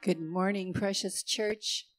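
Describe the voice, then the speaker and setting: Older woman, pastor, sermon, emphatic repetition, mid-pitched voice. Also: steady tone, takes it slowly, over loud music. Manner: warm, repeats phrases for emphasis.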